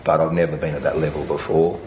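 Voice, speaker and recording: Very deep hoarse guy, laryngitis, halting with lots of ums, echoey room, noisy. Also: little pitch movement, a little mellow. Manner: hesitant, with many ums and restarts. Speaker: workshop volunteer playing a client. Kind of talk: role-play therapy session.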